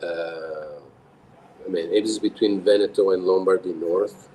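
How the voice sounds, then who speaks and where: A deep, mellow-voiced man speaking English with an Italian accent, his first language being Italian. He talks haltingly, reaching for the right words, as a guest in a relaxed chat. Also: a little hiss or hum, poor audio. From Emilia, Italy. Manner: hesitant, searching for words with many fillers. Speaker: guest brewery owner. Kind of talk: casual chat.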